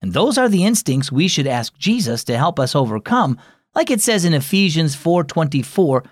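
A man's voice: on the high side, sing-song, normal speed, dry recording, clean studio sound. A man hosting and narrating a children's Christian devotional, reading the story in a friendly, storyteller manner.

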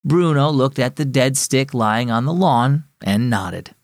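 A man narrating a scripted Christian story for children in a clear, earnest, measured way. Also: mid-range voice, dry recording, studio quality.

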